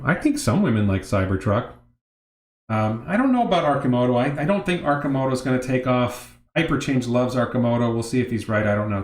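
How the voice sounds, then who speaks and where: Rambling middle-aged man, echoey room. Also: mid-range voice. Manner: rambling, self-interrupting, reads chat questions aloud. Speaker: livestream host. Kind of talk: casual livestream talk answering chat questions.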